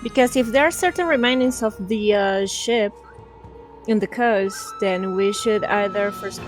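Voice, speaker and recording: A woman's voice: medium pitch, a little slow, music in the background. A woman playing a tabletop role-playing game, planning things out step by step. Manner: methodical, planning aloud. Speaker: player. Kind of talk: casual tabletop game chat.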